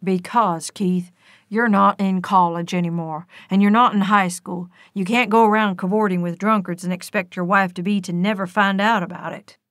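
A woman's voice: mid-range voice, fairly even intonation, normal speed, no echo, lightly acted. Harsh bossy dad in an audiobook, a lady reading him, dry close sound. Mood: stern. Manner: harsh, commanding, louder. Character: stern older man, domineering father.

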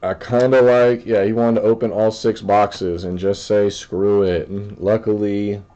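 A man with a lowish, mellow voice and flat delivery opens sports card packs, trading brash, rapid-fire jokes with a friend. He's a card breaker chatting casually, in a slightly dull recording with music playing faintly in the background.

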